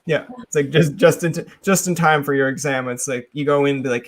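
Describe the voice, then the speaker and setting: A man's voice: on the high side, fairly even intonation, fast talker, few pauses. A man hosting a casual interview chat, joking and acting out imagined dialogue in shifting voices. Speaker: podcast host.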